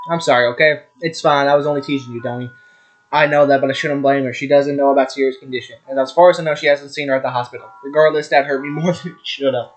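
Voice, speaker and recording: A young man reading a visual novel aloud, stumbling over names and swearing at his own slips. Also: mid-range voice. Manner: reads fast, stumbles on names, swears and laughs at himself. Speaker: gaming YouTuber. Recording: game music behind the voice. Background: background music.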